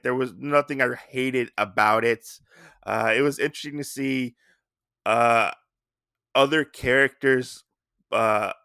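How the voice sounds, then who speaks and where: A man's voice: mid-range voice, sharp tone, dry recording, clean studio sound. A man hosting a podcast, casually retelling and reviewing a comic story with enthusiasm and many fillers. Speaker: podcast host.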